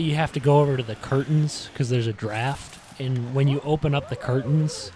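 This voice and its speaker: This man hosts a podcast from in front of a green screen, his voice medium-pitched and darkish. His casual retrospective monologue rambles and is filled with "like" and "you know."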